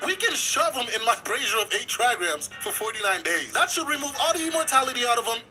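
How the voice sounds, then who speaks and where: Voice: medium pitch, lively intonation, quick pace, music in the background, close to an everyday voice. A narrator voicing an old male sage alchemist who suggests a plan in an offhand, casual way. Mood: scheming.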